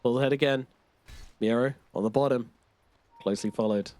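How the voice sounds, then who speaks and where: A man calling live esports play-by-play in a broadcast booth, reacting quickly and excitedly to the action. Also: medium pitch.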